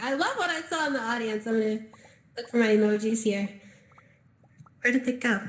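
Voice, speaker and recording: A woman's voice: a little high, a little fast, long pauses. A woman teaching a live dance class in virtual reality, upbeat, chatty and encouraging, a little out of breath, speaking into a VR headset mic. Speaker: dance instructor.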